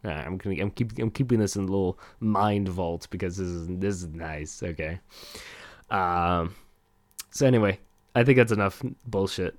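Host: young man, deep voice, dry close mic, loose and rambling. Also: a bit bright, dry recording. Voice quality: rambling, self-deprecating, swears a lot. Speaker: podcast host. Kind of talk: casual solo podcast rambling. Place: home desk. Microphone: close desk mic.

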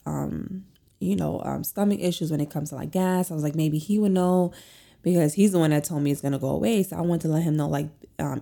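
A woman's voice: sits low, creaky, warm tone. A young woman tells a personal story in a chatty, rambling way, full of "like" and "um". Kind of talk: casual storytelling.

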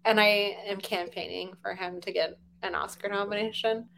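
A woman's voice: mid-range voice, fairly even intonation, normal speed, vocal fry, a bit bright, a little hiss or hum. A young woman in casual chat as a podcast co-host, chatty with lots of fillers.

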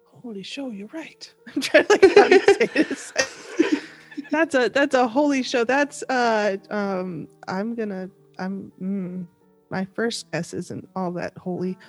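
A woman's voice: mid-range voice, a little slow, faint music behind. A young woman chatting as a podcast guest, bubbly and giggly, with lots of fillers. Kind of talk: casual chat.

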